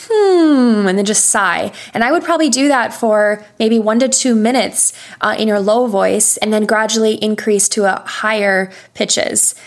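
A young adult woman voice coach patiently explaining vocal warm-ups in an interview. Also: medium pitch. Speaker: voice coach and session singer. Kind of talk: instructional interview answers.

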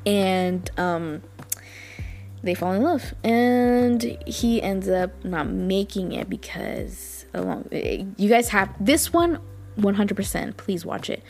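Gushing woman with a gravelly edge. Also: mid-range voice, takes it slowly, a little mellow, soft background music. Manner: gushing and chatty, with many fillers. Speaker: podcast host. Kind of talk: casual chat.

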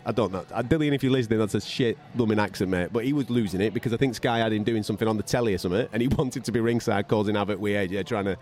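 A man telling boxing stories on a podcast in a casual way, swearing freely and mimicking the people in them. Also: fairly low pitch. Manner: animated and fast-talking. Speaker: podcast co-host, boxing radio commentator. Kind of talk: casual storytelling chat.

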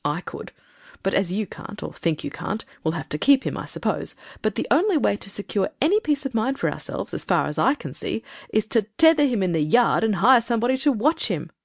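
A woman's voice: mid-range voice, sing-song, gravelly, dry recording, studio quality. Judith, a stern scolding woman, read by a female narrator. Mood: grudging. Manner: brisk, firm, scolding. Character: stern, irritable grown woman who sets strict rules. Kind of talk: audiobook character reading.

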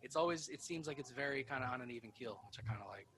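A man hosting a casual podcast, talking quickly at a mid pitch. He rambles, piles up fillers and drops swear words without a second thought. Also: expressive, bright, forceful tone, poor audio. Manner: fast, rambling, swears casually, dips into mock accents. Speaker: podcast host. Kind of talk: casual chat.

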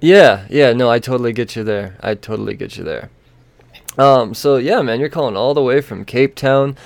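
A man hosting a casual podcast from a small studio room, chatty and quick to laugh, with lots of fillers. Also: medium pitch, vocal fry, no echo. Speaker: podcast host.

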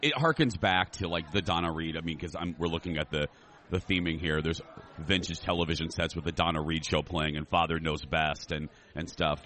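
Deep-voiced man co-hosting a chatty podcast. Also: a little fast, sharp tone. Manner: chatty, joking, rambling. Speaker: podcast co-host. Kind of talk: casual chat. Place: themed restaurant. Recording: recorded on location in a restaurant.

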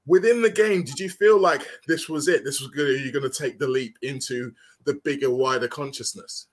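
This man hosts a podcast interview. He sets up his questions with calm, knowledgeable context and keeps a steady, measured delivery. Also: medium pitch. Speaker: podcast host.

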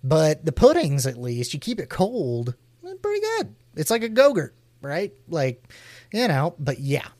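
A man's voice: on the high side, a little slow, no room sound. Laughing man chatting casually. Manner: laughs often, animated storytelling. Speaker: podcast co-host. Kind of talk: casual chat.

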